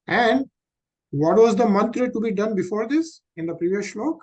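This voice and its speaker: A man's voice: high-pitched, animated, moderate pace, darkish tone. A man leading a scripture study group, explaining verses and asking the group questions, with many fillers.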